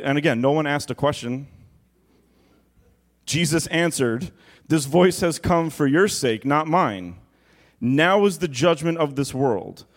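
A man preaching a sermon, reading scripture aloud and then explaining it in a conversational way. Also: fairly high pitch. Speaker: pastor.

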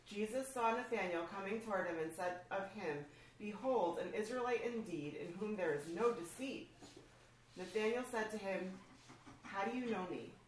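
A woman reading scripture aloud in a steady, measured way at a group breakfast. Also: medium pitch. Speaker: scripture reader. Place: large room at a church breakfast. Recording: echoey room from far off, faint background noise.

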